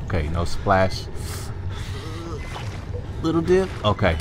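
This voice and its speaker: Young guy yelling and cussing thru a horror game, slow drawl, low voice that jumps way up. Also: big pitch swings, slight background noise. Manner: swearing, jumpy, talks to the game character; breaks into high yells when scared. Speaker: gamer. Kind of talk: horror game let's play commentary.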